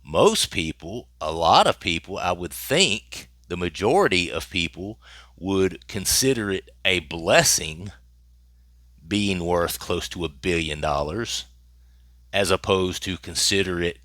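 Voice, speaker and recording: Guy with a low voice doing news commentary on his channel, bright tone, dry sound, leans hard on his words. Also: animated, a little slow, no room sound. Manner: emphatic, repeats phrases for effect. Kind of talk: casual commentary on celebrity news.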